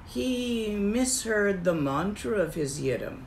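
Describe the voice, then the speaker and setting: Woman as Buddhist teacher: unhurried, gravelly, calm emphatic repetition. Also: mid-range voice, a little hiss or hum. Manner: calm, emphatic, repeats key phrases. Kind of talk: slow, deliberate dharma teaching.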